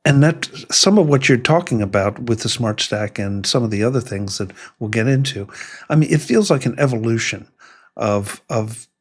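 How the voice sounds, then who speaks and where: A man hosting a casual tech conversation, thoughtful and measured, with small restarts. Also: mid-range voice, lively intonation, husky. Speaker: podcast host.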